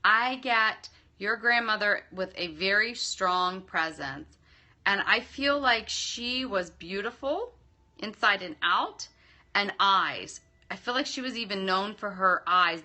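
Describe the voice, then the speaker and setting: A woman giving psychic readings to viewers on a live stream, effusive and quick to laugh, calling people darling and love. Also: medium pitch, sharp tone. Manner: laughs often between readings. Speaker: psychic medium.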